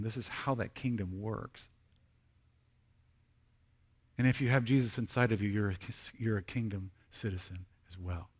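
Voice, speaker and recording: A middle-aged man preaching a sermon as pastor, earnest, rising to emphatic peaks and dropping to hushed, slow confessions. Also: mid-range voice.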